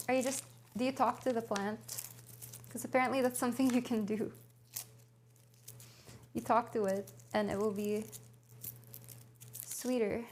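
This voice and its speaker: A woman's voice: on the high side, a little hiss or hum. A young woman livestreaming from a home kitchen, casually chatting and thinking aloud as she reads a recipe to her viewers. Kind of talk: casual cooking stream chat.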